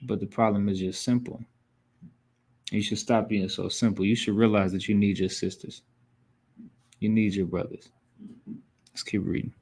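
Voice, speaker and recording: A man's voice: lowish voice, little pitch movement, moderate pace, long pauses, a little mellow, breathy edge. A man teaching a scripture class in a blunt, scolding, profane way. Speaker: class instructor. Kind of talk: preaching scripture lesson.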